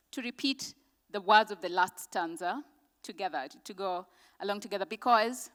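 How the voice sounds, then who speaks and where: Slow bright-voiced woman in a reverberant hall. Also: medium pitch. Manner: leads the audience in call-and-response; short emphatic declarations. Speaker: conference speaker. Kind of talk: motivational speech with affirmations. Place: large conference hall.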